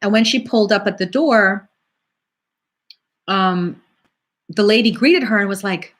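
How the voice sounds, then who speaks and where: A middle-aged woman, a psychic medium, talking casually on a live stream and answering viewer questions in a chatty, animated way. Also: medium pitch, measured pace. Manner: chatty, animated, acts out quoted voices.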